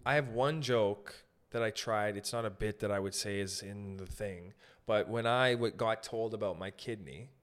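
A man's voice: lowish voice, moderate pace. A man hosting a podcast, talking loosely and swearing, often trailing off mid-thought. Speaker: podcast host. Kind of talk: casual podcast conversation.

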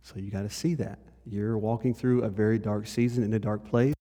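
A male pastor giving a conversational sermon. He moves between lively and hushed delivery and speaks straight to the congregation. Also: fairly low pitch, a little fast. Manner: conversational preaching, shifts between animated and hushed. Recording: long hall reverb.

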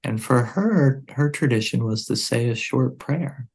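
A man guest on a podcast, telling a story in conversation in an earnest, measured way. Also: mid-range voice, darkish tone, husky.

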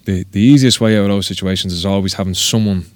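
A man's voice: low-pitched, fairly even intonation, fast, darkish tone, no echo. A man with an Irish accent, a tattoo artist guest talking casually on a podcast, rambling and swearing with self-mocking humor.

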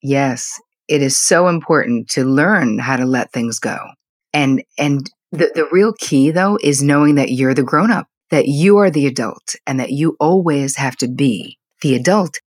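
A woman's voice: extremely low pitch, unhurried, slightly rough, dry recording. A middle-aged woman, a psychotherapist, talking candidly and animatedly as a podcast guest. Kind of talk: podcast interview.

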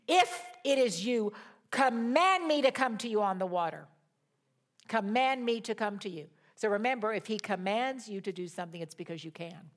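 A woman preaching a sermon, retelling a scripture story with animated emphasis and pauses. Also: a little high.

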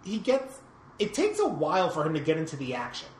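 Female podcast co-host, lower pitch, lively and giggly, in an echoey room. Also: brisk, slight background noise. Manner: giggly, enthusiastic, rambling. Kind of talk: casual movie chat. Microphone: microphone set far away.

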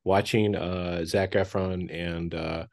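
Deep-voiced and steady, a young podcast co-host talks slowly in loose, casual conversation. He wanders from point to point, laughing often and leaning on plenty of fillers.

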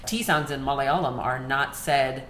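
A woman chatting casually on a panel, telling stories in an animated way and laughing often. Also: very deep voice, moderate pace. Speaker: podcast panelist. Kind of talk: casual chat. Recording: echoey room, faint background noise.

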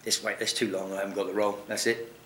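A man telling a long anecdote in casual chat, animated, swearing often and laughing. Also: fairly low pitch, fast talker, reverberant, slight background noise. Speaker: guest actor. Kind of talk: casual storytelling.

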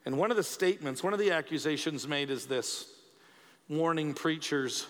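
High-ish guy preaching, chatty but emphatic, lots of church echo. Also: moderate pace, a bit bright. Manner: emphatic, conversational, repeats words for stress. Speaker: pastor. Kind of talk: sermon. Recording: long reverb of a church hall.

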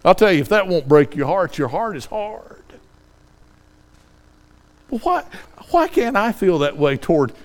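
Male preacher, middle-aged, slightly high voice, fervent pleading sermon delivery. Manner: impassioned, rising pleas then quiet scripture reading.

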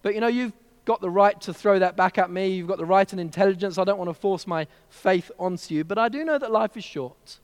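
A man preaches in an earnest, storytelling way, speaking gently and directly to his listeners. His voice sits high for a man, and it trails off into the long reverb of a large hall. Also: a little fast, clear, resonant tone. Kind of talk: sermon at a child dedication service.

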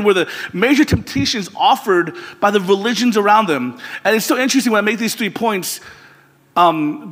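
High husky male preacher in a hall. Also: a bit bright. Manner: earnest, rising to exasperated outbursts. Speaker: pastor. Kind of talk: sermon.

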